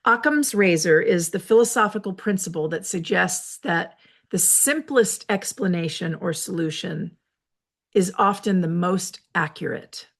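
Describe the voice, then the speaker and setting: The host, a woman with a fairly low pitch, reflects on ideas in a solo talk recorded in her office. Her delivery is measured and lecturing, with personal asides throughout.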